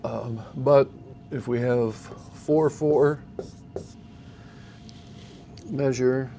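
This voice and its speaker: Patient male instructor with a mellow tone, faint background hiss, teaching a class. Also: medium pitch, steady tone, slow, gravelly. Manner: patient, explains step by step, asks the class questions. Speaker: song leading teacher. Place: church classroom.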